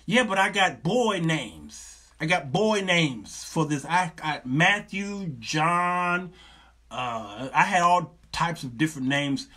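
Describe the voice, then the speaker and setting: A middle-aged man hosting a talk show, giving sermon-like advice in an animated, joking, preacherly manner with lots of repetition. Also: fairly high pitch, takes it slowly.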